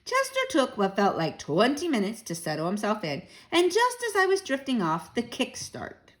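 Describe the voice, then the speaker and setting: A woman reading a children's book aloud, gentle and chatty with young listeners. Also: on the high side, wildly swooping pitch, moderate pace. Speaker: children's story reader.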